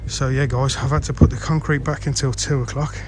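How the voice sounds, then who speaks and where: A man's voice: mid-range voice, flat delivery, a little fast, background noise. Chatty man vlogging a dig. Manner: chatty, mild swearing, calls viewers guys. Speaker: pond builder vlogging his project. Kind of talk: casual on-site vlog. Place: outdoor building site in a garden. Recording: music playing underneath.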